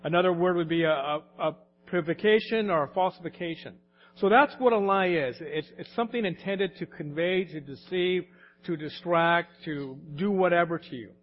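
A man's voice: high-pitched, normal speed, highs cut off, slight background noise. A man preaching a sermon in a folksy storytelling way, often repeating his words as he goes.

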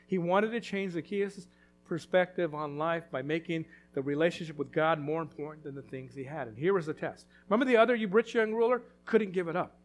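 A man preaching a sermon as pastor, emphatic and repetitive, full of rhetorical questions. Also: high-pitched.

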